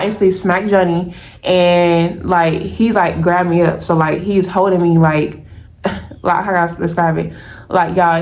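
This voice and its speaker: Young woman telling a wild story. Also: fairly low pitch. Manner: animated, talks straight to viewers as y'all. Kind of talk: casual storytime vlog.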